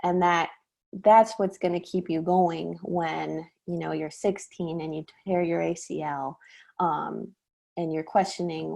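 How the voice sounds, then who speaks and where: A woman's voice: lowish voice, fairly even intonation, a little slow, creaky, a little mellow. A woman with a Midwestern US accent, a sports mindset coach explaining her approach earnestly in a casual podcast interview, with many fillers.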